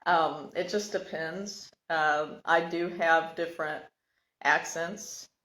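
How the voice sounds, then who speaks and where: A woman telling her own life story in a casual, reflective monologue, halting and searching for words. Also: deep voice, fairly even intonation, a bit bright. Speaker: podcast host sharing personal story. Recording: echoey room.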